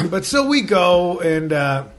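A man's voice: high voice, big pitch swings, takes it slowly. A man co-hosting a podcast, telling a casual story with lots of "like", swearing freely and acting out other people's lines. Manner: loose and profane, lots of "like". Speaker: podcast co-host. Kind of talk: casual chat.

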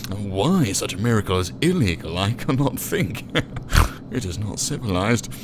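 A man playing a smug, greedy male food critic in an audio drama. He drawls with hesitant pauses. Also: fairly low pitch, big pitch swings, background noise.

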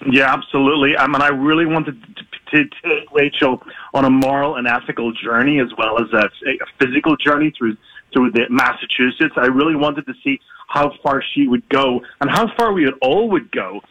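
A man's voice: mid-range voice, normal speed, pushed and bright, lo-fi sound. A man with an Irish accent, a guest author talking enthusiastically about his book in a remote interview from his apartment.

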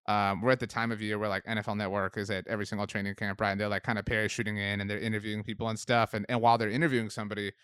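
A man talks football in a loose, chatty way on a podcast, laughing easily and drifting into asides. His voice is smooth and resonant, recorded close and dry with no room sound. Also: on the low side, level tone, rapid-fire, hardly any pauses, fairly bright tone, no echo. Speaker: podcast co-host. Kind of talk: casual sports chat.

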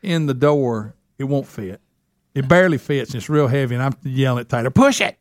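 A man's voice: mid-range voice, fairly quick, no room sound, clean studio sound. A man telling a rambling, self-mocking story in casual chat. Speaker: show regular telling a story.

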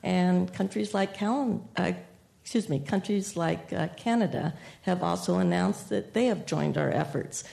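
A woman state senator on a panel, giving a steady, detailed explanation of policy. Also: lowish voice, measured pace, creaky.

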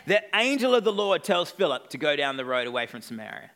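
A man's voice: a little high, big pitch swings, quick pace, fairly bright tone. A male pastor preaching an evening sermon, retelling a story with playful asides to the congregation.

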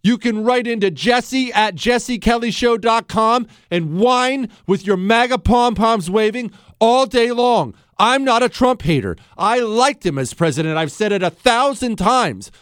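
A man's voice: very high voice, lively intonation, unhurried, hardly any pauses, a bit bright, smooth, no echo, clean studio sound. A man hosting a talk show, delivering a blunt, combative opinion monologue with sarcastic asides.

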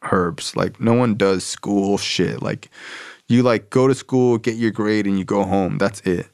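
A man's voice: on the low side, measured pace, vocal fry, darkish tone, dry recording, clean studio sound. A young man telling a personal recovery story in a casual, profane way, full of slang and fillers.

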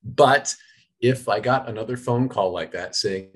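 A man's voice: lowish voice, fairly even intonation, unhurried. A middle-aged man, an actor answering interview questions in an enthusiastic, laughing way. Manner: enthusiastic, laughing fan talk.

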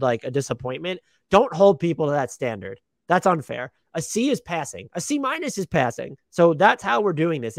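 Man, podcast co-host, fast-talking, slightly high voice, profane self-deprecating banter, dry close mic. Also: no room sound. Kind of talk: casual sports podcast chat.

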